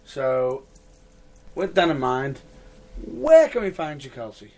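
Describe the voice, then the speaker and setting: Host, lively teasing voice, a bit far from the mic. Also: male voice, mid-range voice, slow. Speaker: podcast host. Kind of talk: casual chat.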